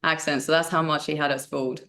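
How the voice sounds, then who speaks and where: A young woman talks about her work in a relaxed interview. Her voice sits fairly low for a woman, and her speech is animated, full of fillers and quick restarts. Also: creaky. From United Kingdom. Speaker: actress and martial artist guest. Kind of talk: casual interview chat.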